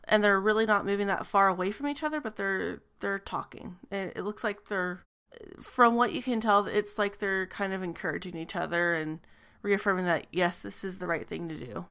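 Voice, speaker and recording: Smooth gravelly woman narrating as game master. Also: mid-range voice, moderate pace, hardly any pauses, a bit bright. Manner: descriptive, hesitant with frequent ums.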